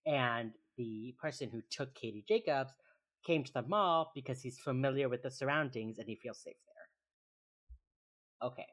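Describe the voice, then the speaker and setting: A podcast co-host giving a casual, chatty recap of a TV episode, full of quick asides and "like" fillers. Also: mid-range voice, fairly bright tone.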